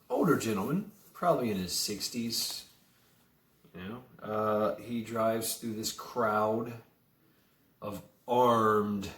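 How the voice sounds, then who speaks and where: A man ranting in a casual monologue, swearing freely, repeating words as he stammers, and adding sarcastic chuckling asides. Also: fairly low pitch. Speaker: vlogger. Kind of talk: profane casual monologue rant. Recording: echoey room.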